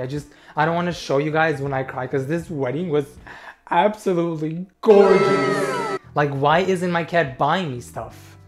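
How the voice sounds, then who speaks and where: A young man reacting to a TV clip in casual, sarcastic commentary, talking straight to his viewers. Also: fairly high pitch.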